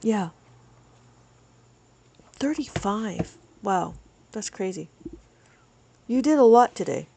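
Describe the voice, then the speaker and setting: A woman's voice: medium pitch, lively intonation, slow, creaky, pauses often, dark tone, slight background noise. A woman teaching abacus on a live stream, chatting with viewers and reading their comments aloud.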